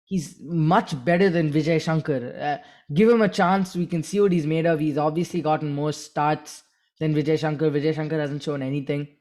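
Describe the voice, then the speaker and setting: A man co-hosting a podcast in casual chat, halting with many restarts and fillers. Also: fairly high pitch, steady tone, darkish tone. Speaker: podcast co-host.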